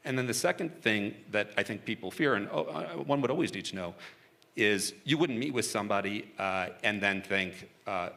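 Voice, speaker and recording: A man's voice: lowish voice, animated, normal speed, bright, forceful tone. A man being interviewed onstage about his work negotiating for hostages, talking casually and frankly, chuckling often and restarting his sentences.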